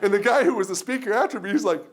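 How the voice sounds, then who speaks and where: A man delivers a keynote speech to a live audience in an event hall. His voice sits a little high for a man. He talks in an animated, storytelling way, acting out other people's lines and laughing often. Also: racing, a loud crowd, very noisy. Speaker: keynote speaker.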